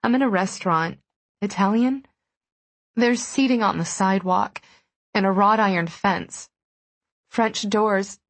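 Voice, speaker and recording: A woman voicing a shaken, tearful young heroine in an audiobook, speaking in halting, unsteady bits. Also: mid-range voice, voice pushed up. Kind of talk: audiobook dialogue.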